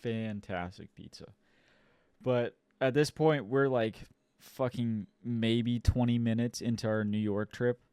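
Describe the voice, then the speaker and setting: A young man telling a rowdy story on a podcast, swearing freely and lively. His voice is smooth and crisp. The sound is dry and close. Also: medium pitch, a little slow, no room sound. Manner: animated, profane storyteller who acts out quotes loudly. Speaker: podcast co-host. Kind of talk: casual storytelling chat.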